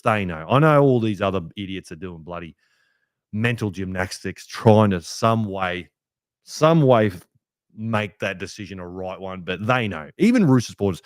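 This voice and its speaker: A young Australian man hosting a fan podcast, ranting heatedly with plenty of swearing, a little rough from a hangover. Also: fairly low pitch, dry recording, studio quality. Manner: heated, sweary rant with lively swings. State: hungover, rough voice. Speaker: podcast host. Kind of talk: fan podcast match review.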